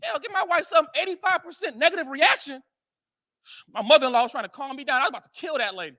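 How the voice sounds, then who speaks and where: At a men's conference, an American man tells stories to a live audience, animated and joking, and throws questions out to the crowd. His voice is very high and he talks fast.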